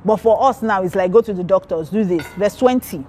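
A woman preaches her testimony at a mid-range pitch. She tells her story with lively storytelling and acts out the voices she quotes. Faint road noise sits behind her. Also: a little fast. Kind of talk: testimony sermon.

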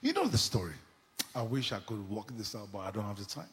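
A man preaching a sermon with fervor, swinging between sudden shouts and hushed asides. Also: fairly low pitch, wildly swooping pitch, fast talker, long reverb tail. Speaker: pastor. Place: church.

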